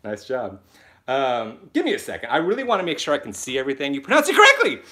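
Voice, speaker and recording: A young man hosting his first live stream from his phone, chatty and excitable, laughing often as he reads out viewer comments. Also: medium pitch, fast talker. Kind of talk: casual live-stream chat.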